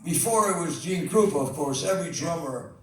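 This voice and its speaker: A man's voice: a little high, brisk. Older man rambling through a live anecdote. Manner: rambling, animated, laughing asides. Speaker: storyteller on stage. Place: live venue. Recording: echoey hall, distant mic.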